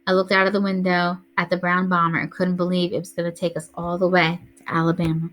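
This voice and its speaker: A woman's voice: lowish voice, fast talker. Woman reading a novel aloud. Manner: steady first-person storytelling.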